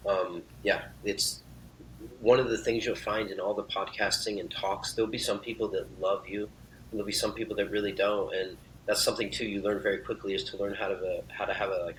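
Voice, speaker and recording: An earnest man with a lowish voice talks in an effusive, reflective way during a relaxed podcast chat. A faint rumble hums beneath his voice. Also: normal speed, poor audio. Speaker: podcast guest, uncle of host. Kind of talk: casual conversation.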